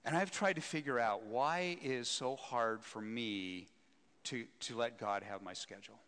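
A man who leads a seminary, telling a story in an animated, self-mocking way during a teaching talk. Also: mid-range voice, measured pace. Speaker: seminary president, speaker. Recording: echoey hall.

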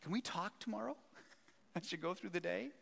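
A man voicing God as a gentle, eager guide who coaxes and calls out, in an echoey hall. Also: high-pitched, normal speed, gravelly, a little hiss or hum, voice pushed up, exaggerated voice. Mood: wistful. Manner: coaxing, calling out urgently.

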